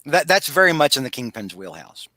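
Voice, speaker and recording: A man's voice: mid-range voice, big pitch swings, fairly quick, bright, forceful tone, dry recording. A man co-hosting a casual podcast chat, recapping a story animatedly with acted-out quotes and frequent restarts. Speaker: podcast co-host.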